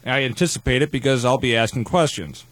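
A man's voice: medium pitch, fast, fairly bright tone, slight background noise. A man hosting a live radio show in a studio, talking in a wordy, playfully pompous way with casual banter.

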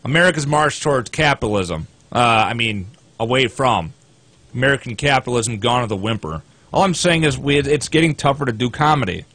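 A man's voice: medium pitch, animated, a little fast, fairly bright tone. A man co-hosting a casual talk show, reading news articles aloud with sarcastic asides. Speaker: co-host.

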